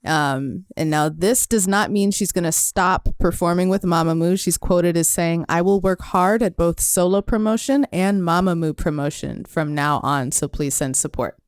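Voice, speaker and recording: A woman co-hosting a pop music podcast in casual chat, chatty and quick to laugh. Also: on the low side, clear, resonant tone, dry recording, studio quality. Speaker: podcast co-host.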